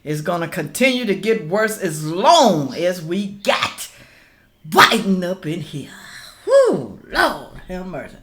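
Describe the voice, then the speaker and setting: A woman's voice: fairly low pitch, slow pace. A middle-aged woman talks straight to her viewers in a casual reaction vlog. Her voice swings widely up and down as she reacts, and she keeps calling them y'all. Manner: animated, addresses viewers as y'all. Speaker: reaction vlogger.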